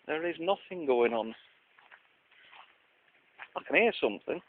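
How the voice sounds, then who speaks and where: A Lancashire man vlogging outdoors at a country park rambles through a video diary with dry self-mockery. His voice is a little high and expressive at a measured pace, and the recording is tinny and lo-fi with faint hiss.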